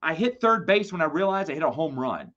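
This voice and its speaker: Animated man telling rambling stories. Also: fairly high pitch, fairly quick. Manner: animated, rambling anecdotes with self-deprecating humor. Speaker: host of a live Q&A stream. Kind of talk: casual storytelling on a livestream. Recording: slightly dull lo-fi stream audio.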